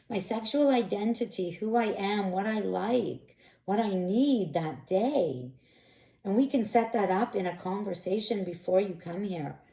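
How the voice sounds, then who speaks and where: A woman's voice: mid-range voice, vocal fry. A woman speaking frankly and expressively as an intimacy coach, in a candid monologue. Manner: frank, expressive, animated bursts. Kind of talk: candid direct-to-camera monologue. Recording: echoey room.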